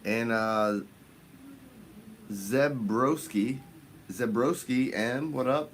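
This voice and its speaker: A man hosting a fishing channel livestream, greeting viewers by name in casual chat, his voice jumping up high on the shout-outs. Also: a little slow, a little hiss or hum.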